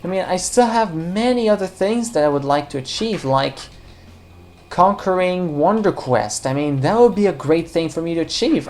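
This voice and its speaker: A woman's voice: on the low side, lively intonation, normal speed, darkish tone, slight background noise. A woman casually commenting on a puzzle game as she plays, rambling and joking, talking to the viewers and the game characters. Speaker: let's play commentator.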